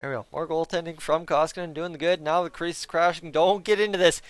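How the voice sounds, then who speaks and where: A man hosting a live fan reaction stream, excitable and chatty, sometimes counting down the clock in an auctioneer patter. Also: fairly high pitch, fast, smooth, no room sound.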